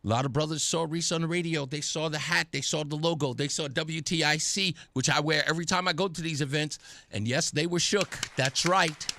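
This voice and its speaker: Vocal fry marks this man's fairly high voice as he hosts talk radio at a fairly quick pace. Animated and mocking, he runs through an opinionated monologue and performs other people's voices.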